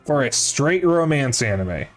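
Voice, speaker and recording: With big pitch swings in a mid-range voice, a young man talks a little slowly as he chats casually to his stream viewers. He rambles and corrects himself along the way, cursing now and then, with faint music in the background.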